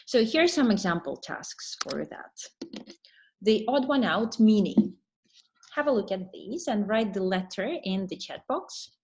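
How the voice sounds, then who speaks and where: A woman teacher trainer giving an online webinar lesson, explaining patiently and pausing to read answers from the chat. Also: mid-range voice, expressive, darkish tone.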